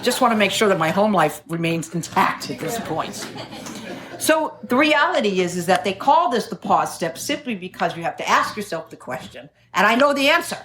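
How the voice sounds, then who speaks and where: A woman's voice: medium pitch, sing-song, moderate pace, background noise. A middle-aged woman from New City, giving a wry, self-mocking share at a recovery meeting and laughing often. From New York City. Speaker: AA speaker.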